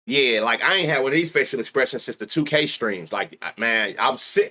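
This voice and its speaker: A man hosting a sports betting livestream, chatting casually with loud excitable outbursts and heavy slang. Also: medium pitch, a little fast, few pauses. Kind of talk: casual live-stream chat.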